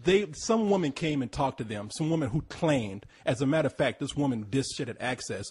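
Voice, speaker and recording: A man with a husky, slightly rough voice chats casually as a podcast co-host. He tells stories in a loose, rambling way, with plenty of restarts, swearing and filler. His pitch sits mid-range for a man. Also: lively intonation, fairly quick, a little mellow. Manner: rambling, swears freely, repeats words, pitch leaps when mimicking. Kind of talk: casual storytelling chat.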